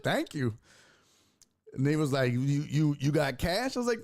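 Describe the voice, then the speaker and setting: A man's voice: on the high side, unhurried, pauses often. A man hosting a sports podcast, telling a story casually and acting out the people in it, with lots of swearing. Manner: animated, profane, acts out voices in his anecdotes.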